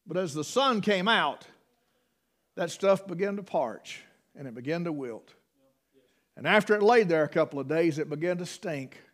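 Man preaching, homespun storyteller, rather high voice, middle-aged. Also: expressive, moderate pace. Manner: folksy storytelling with rural dialect. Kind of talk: sermon.

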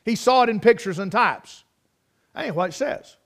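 A man preaching a sermon, fervently swinging from shouts to hushed tones and repeating phrases for emphasis. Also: high voice, animated, moderate pace.

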